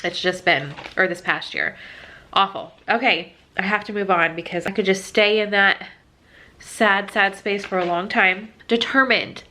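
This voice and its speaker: Woman, young adult, vlogger, sit-down chat, emotional, halting, bright clear tone. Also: medium pitch. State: tearful.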